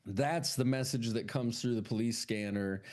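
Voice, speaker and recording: A man co-hosting a podcast, retelling a film in casual, profane chat and jumping into quick high voices for its characters. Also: a little mellow. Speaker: podcast co-host.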